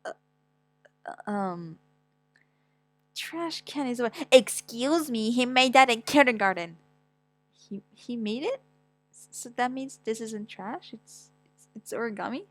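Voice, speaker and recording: A young woman reading a manga aloud with dramatic, stammering delivery and wailing outbursts. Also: dry recording. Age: young adult. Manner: animated, quick pitch swings, stammers, whiny wails. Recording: dry close mic with faint music.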